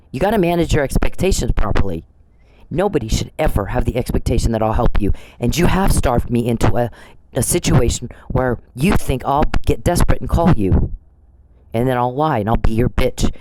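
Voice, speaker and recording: A man's voice: mid-range voice, noisy background. A man hosting a podcast, delivering a rambling, profane, accusatory monologue with frequent restarts. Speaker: podcast host. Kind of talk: ranting monologue.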